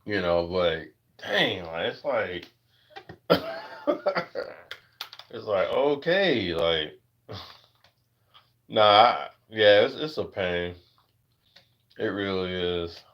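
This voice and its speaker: An American man hosting a casual livestream chat. He rambles with lots of fillers and jumps into high-pitched voices when he acts out other people. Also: animated, extremely slow, pauses often, dull audio. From United States. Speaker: livestream host.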